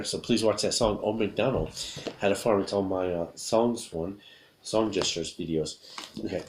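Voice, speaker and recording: A man teaching English vocabulary with gestures in a video lesson, upbeat and repetitive, saying each word slowly several times. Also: deep voice, a little hiss or hum.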